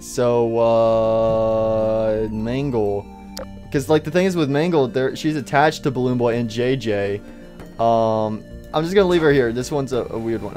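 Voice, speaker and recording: Young male gaming host, mid-pitched, casual and teasing, faint music bed under the commentary. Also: a little mellow. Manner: playful, teasing the characters, quick jumpy asides. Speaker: gaming YouTuber. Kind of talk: casual let's-play commentary.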